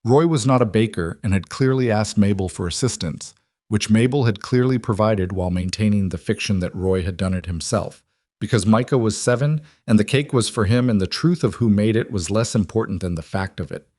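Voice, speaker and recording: A man narrating a scripted story in a calm, even tone. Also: lowish voice, fairly quick, no room sound, clean studio sound.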